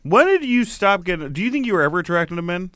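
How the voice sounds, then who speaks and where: A man's voice: sits high, fast talker, dry recording, clean studio sound. A man hosting a comedy podcast, swearing a lot and sounding exasperated as he bickers with his co-hosts. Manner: profane, exasperated, animated. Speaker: podcast host. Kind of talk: crude comedic banter.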